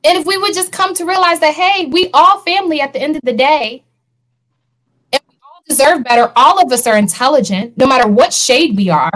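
A woman with a high-pitched voice leads a casual panel talk. She speaks earnestly and animatedly, with frequent laughter. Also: fairly quick, a bit bright, low-quality recording. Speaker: podcast co-host.

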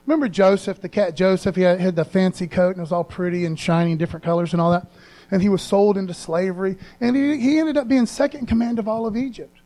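A man's voice: sits high, steady tone, fast, warm tone. A man preaching a sermon as pastor in a casual, earnest way, using slang and repeating phrases for emphasis.

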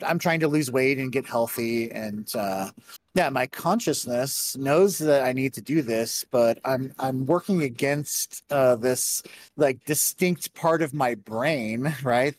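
A man talking casually on a podcast about a talk he gave. He tells stories with plenty of restarts and an animated, rambling delivery. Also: medium pitch, a little hiss or hum. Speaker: conference speaker.

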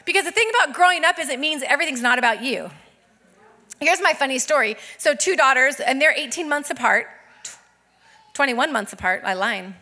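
A woman pastor in her thirties preaches with a high, bright voice. She tells her stories with lots of energy and acts out each person's lines. Her delivery stays lively and expressive throughout. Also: fairly quick. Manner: animated storytelling with acted-out quotes. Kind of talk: sermon.

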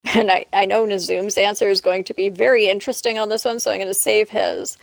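Frank woman host, slight vocal fry. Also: medium pitch, animated, brisk, dry recording. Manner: frank and direct, steers the talk. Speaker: podcast host. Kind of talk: casual podcast chat.

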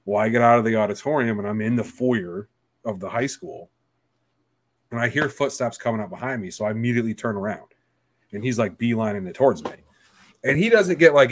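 A man's voice: fairly low pitch, dry recording. A man telling a story in a casual podcast chat, blunt and profane, acting out the lines of everyone in it. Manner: acts out quoted dialogue. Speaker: podcast guest.

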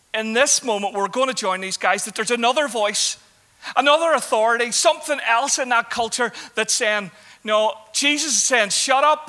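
A preacher gives a sermon in a high, sharply bright male voice. He talks conversationally, pausing as he searches for words, then rises into emphatic exhortations.

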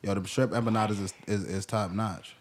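A man's voice: fairly low pitch, fairly quick, a little hiss or hum. Rambling young man telling a story. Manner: rambling, profane, animated storyteller. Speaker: podcast co-host. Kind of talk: casual storytelling chat.

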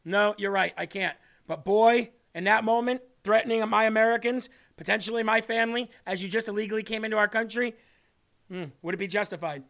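A man hosts his own livestream, delivering fiery political commentary. His voice sits high and sounds bright and sharp. He leans into each point in a combative, ranting way. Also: fairly even intonation, brisk, vocal fry. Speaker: livestream show host.

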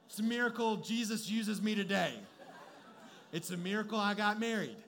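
A man's voice: sits high, normal speed, a bit bright, a faint crowd. A young adult man giving a conversational, humorous sermon as a preacher, mixing personal stories with direct advice.

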